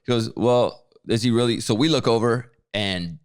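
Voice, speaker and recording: Animated man telling a story. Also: mid-range voice, moderate pace, clean tone. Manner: animated storyteller, acts out quotes, repeats words. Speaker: podcast co-host. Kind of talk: casual storytelling chat.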